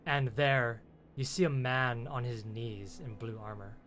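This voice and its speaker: A man running a tabletop game as game master, narrating in a halting way with many restarts. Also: mid-range voice, steady tone, a bit bright, a little hiss or hum.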